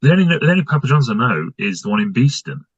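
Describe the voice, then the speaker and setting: A man's voice: medium pitch, sing-song, fast, husky, no room sound, muffled recording. A man with an English Midlands accent co-hosting a casual podcast, speaking in a dry, hesitant way. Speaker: podcast co-host. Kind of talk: casual chat.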